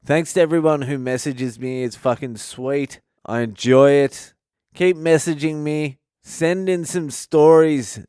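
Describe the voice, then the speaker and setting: A man's voice: fairly high pitch, steady tone, unhurried, darkish tone, clean tone, no echo. A man, a comedian hosting a podcast and telling a profane, laid-back story into a close mic.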